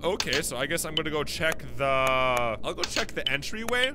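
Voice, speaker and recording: A man giving excitable, self-mocking let's play commentary, swearing and reacting to a video game. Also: a little high, normal speed, heavy background noise. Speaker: gaming YouTuber.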